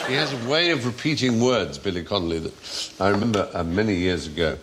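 A man's voice: on the low side, lively intonation, fast, hardly any pauses, very noisy. A man on a panel show telling comic anecdotes, articulate and playful.

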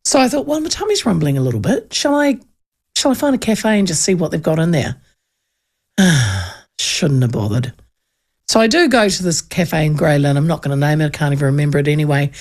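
A woman with a New Zealand accent hosts a radio show, spinning a chatty story with lively impressions of the people in it. Her voice carries a gravelly fry throughout. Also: low-pitched. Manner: lively, animated, acts out voices in anecdotes. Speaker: radio host.

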